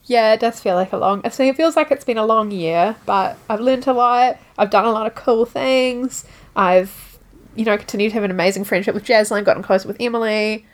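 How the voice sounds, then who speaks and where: A woman co-hosting a podcast in casual chat. Her voice sits a bit high, and she talks candidly with plenty of "like" in her sentences. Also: fairly quick. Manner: chatty and candid, lots of "like". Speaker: podcast co-host.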